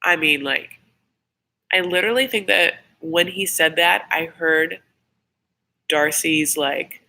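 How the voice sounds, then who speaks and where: A woman's voice: low voice, takes it slowly, vocal fry, bright, forceful tone, low-quality recording. A woman hosting a casual live reaction chat, chatty and rambling, who swears freely. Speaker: YouTube host doing a live episode reaction.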